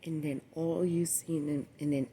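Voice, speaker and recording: Low-voiced woman rambling, swearing freely. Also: fairly even intonation, normal speed, a little hiss or hum. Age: 20s. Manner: profane, repetitive, meandering storytelling; swings from low murmur to loud exclamations. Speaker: vlogger. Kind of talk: rambling personal monologue.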